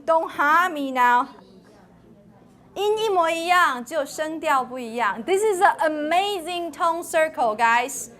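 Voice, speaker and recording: Brief: female lecturer, high voice, unhurried classroom delivery, chants syllables to demo tones. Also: animated, fairly bright tone. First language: Taiwanese. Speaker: university lecturer.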